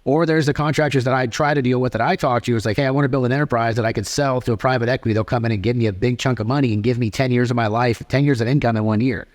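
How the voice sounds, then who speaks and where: Fast-talking profane man in his thirties. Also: mid-range voice. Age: 30s. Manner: rapid, profane, animated storytelling. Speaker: podcast host. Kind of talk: casual podcast conversation.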